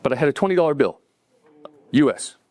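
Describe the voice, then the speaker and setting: A man's voice: fairly high pitch, lively intonation, a little fast, a little mellow, slight background noise. A man telling a true story to a live audience at a cafe event, in a conversational way that acts out the dialogue. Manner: conversational, acting out dialogue, chuckling between lines.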